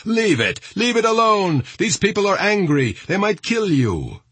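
A frightened bystander yells urgent warnings from the back of a crowd, the voice pitched high and raspy, as a male narrator puts him on. The recording is dry with no room sound. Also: wildly swooping pitch, measured pace, no echo, exaggerated voice.

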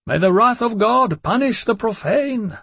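A man's voice: extremely high pitch, lively intonation, unhurried, vocal fry, bright, forceful tone, breathy edge, dry recording, pitched above the performer's own voice, exaggerated voice. A man voicing a frenzied mob of fanatic male vampires who scream curses. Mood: cursing.

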